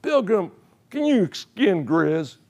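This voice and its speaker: Guy putting on a drawly old mountain man, teasing and gruff, kinda high. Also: big pitch swings, slow, darkish tone, lo-fi sound, exaggerated voice. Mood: drawling.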